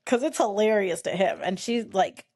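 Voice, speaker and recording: A woman hosting a podcast who tells a family story in an animated, rambling way, with plenty of swearing. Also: mid-range voice, moderate pace. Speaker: podcast host. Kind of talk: casual storytelling chat.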